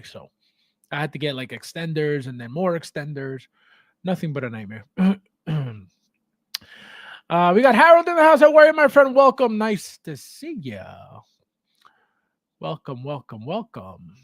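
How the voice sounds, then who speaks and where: A man hosting a casual livestream from his basement, his voice pitched high and swinging widely up and down. He greets viewers by name and reads their chat aloud, laughing often. The sound is dry and close. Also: no room sound. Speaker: livestream host. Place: home basement.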